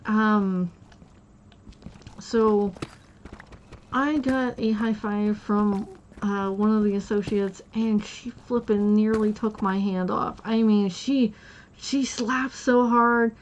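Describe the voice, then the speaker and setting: A woman's voice: mid-range voice, fairly even intonation, takes it slowly, highs cut off, a little hiss or hum. A woman live streamer chatting casually while she plays, rambling through stories with restarts and giggles.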